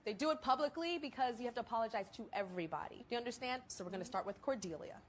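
Woman, talk show host, firm and commanding, slightly high voice, faint background hiss, tv clip. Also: very fast.

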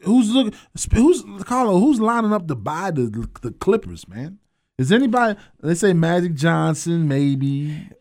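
A man's voice: a little high, very animated, measured pace, a little mellow. Joking man hosting sports radio. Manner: loose, joking, laughs often, trails off mid-sentence. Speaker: radio sports show host. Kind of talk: casual sports talk radio banter.

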